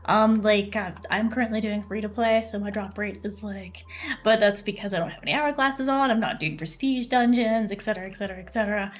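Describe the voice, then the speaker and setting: A woman's voice: medium pitch, fairly quick, soft background music. A woman game streamer chatting casually with her viewers and teammate while she plays, bubbly and full of fillers and frequent laughter. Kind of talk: casual live-stream chat while gaming.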